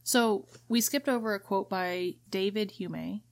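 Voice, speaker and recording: Co-hosting a podcast about books, a woman reads passages aloud and then explains them plainly in casual conversation. Her voice is mid-range and a little slow, and there is no room sound.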